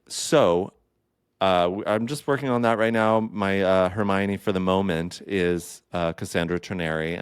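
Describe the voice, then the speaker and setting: Chatty deep-voiced man hosting a podcast. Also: smooth, dry recording, studio quality. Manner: chatty and playful, with campy asides. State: caffeinated. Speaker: podcast host. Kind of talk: casual solo podcast chat.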